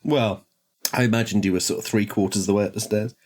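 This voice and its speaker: A man's voice: lowish voice, fairly even intonation, fast, darkish tone. A man narrating a tabletop horror game as game master, with a hesitant delivery full of fillers.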